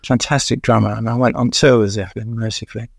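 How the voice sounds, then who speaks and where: Gravelly older man telling stories. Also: fairly low pitch, fairly even intonation, dry recording, studio quality. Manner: rambling, many "uh" pauses, chuckling asides. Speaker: veteran music journalist, guest. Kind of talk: anecdotal interview storytelling.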